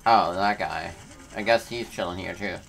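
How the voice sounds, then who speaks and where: A man's voice: low voice, moderate pace, gravelly, a bit bright, faint music behind. A young man giving casual, laid-back gameplay commentary and reacting aloud in slangy talk. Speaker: let's player.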